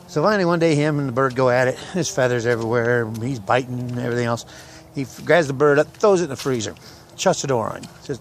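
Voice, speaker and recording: A man of middling pitch rambles and cracks folksy jokes while out on a hike. He talks into a handheld camera outdoors, with faint noise from the open air behind him. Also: quick pace, gravelly. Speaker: hiking vlogger. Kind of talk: casual joke-telling vlog. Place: outdoors in the woods and country roads.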